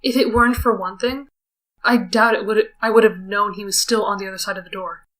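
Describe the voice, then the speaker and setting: A let's player with a mid-range, fairly bright voice reads a visual novel aloud a little fast, her intonation fairly even. Between the lines she reads, she breaks off for wry, self-conscious asides.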